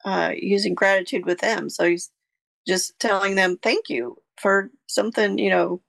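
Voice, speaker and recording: A woman's voice: medium pitch, little pitch movement, moderate pace, creaky, a bit bright, no echo. A woman chatting casually during a faith podcast discussion.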